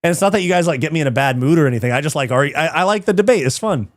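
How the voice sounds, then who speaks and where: A man's voice: on the high side, expressive, rapid-fire, no room sound, clean studio sound. A man hosting a live fight watch party, chatting casually, reading chat aloud, swearing often and laughing easily.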